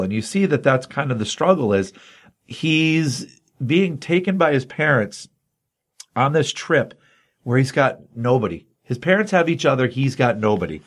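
A male podcast host retells a comic book's plot in a casual, animated way. His voice sits at a middle pitch, and he is chatting with a co-host. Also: normal speed. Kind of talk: casual comic book review chat.

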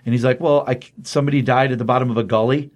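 Lively and casual, a man retells a comic book story in a mid-range voice, switching swiftly into character voices for quoted lines.

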